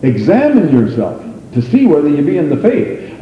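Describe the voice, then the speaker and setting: A man's voice: wildly swooping pitch, normal speed, warm tone, slight background noise. Fervent preacher man in an echoing hall. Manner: fervent, rising to high exclamations, calls for amens. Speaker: pastor. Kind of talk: sermon. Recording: echoey church hall with long reverb.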